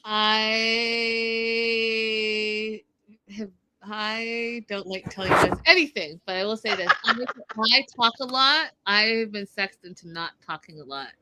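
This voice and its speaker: Recapping a reality TV episode on an online show she co-hosts, this woman is casual yet opinionated, reenacting lines from the episode. She speaks slowly in a sharp, slightly high voice over faint background noise.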